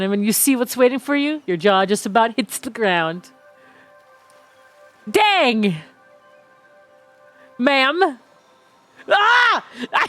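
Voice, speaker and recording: A woman streamer with a fairly bright, higher-pitched voice reads a game's story text aloud with casual commentary. Playful and laughing often, she breaks off between lines to crack jokes.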